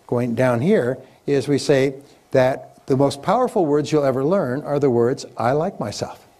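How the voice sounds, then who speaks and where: A man's voice: mid-range voice, mellow. A man giving a live motivational seminar on sales, speaking emphatically, repeating key phrases and getting the audience to chant them back.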